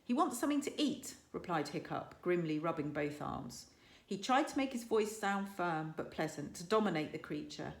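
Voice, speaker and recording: Lively woman reading a children's story. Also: lowish voice, normal speed. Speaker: primary school teacher. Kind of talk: storybook read-aloud for children. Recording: echoey room.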